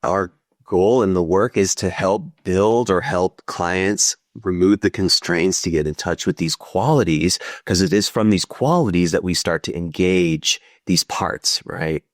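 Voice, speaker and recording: A male psychotherapist talking through ideas in a relaxed podcast interview, sometimes acting out inner voices. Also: sits low, a little slow, no echo, studio quality. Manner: thoughtful, explanatory, acts out inner voices. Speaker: psychotherapist guest.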